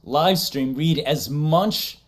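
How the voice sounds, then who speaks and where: Male stream host, talkative and loose, reading chat aloud, voice sitting a bit high. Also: slow pace. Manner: chatty, laughs often, reads chat aloud. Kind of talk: casual livestream chat.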